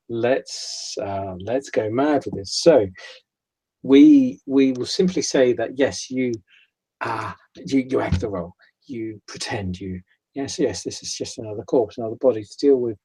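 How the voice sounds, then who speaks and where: A man narrating a tabletop horror game as game master, in a halting way, repeating words and dropping low for dread. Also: a little mellow, husky, rough recording.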